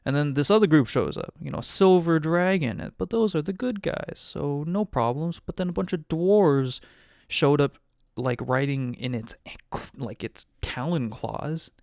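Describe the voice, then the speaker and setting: Gravelly, smooth-voiced casual game master. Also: male voice, fairly high pitch, a little slow, a little mellow, no echo, clean studio sound. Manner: rambling, loose and profane, heavy on "like". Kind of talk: casual recap of a tabletop game.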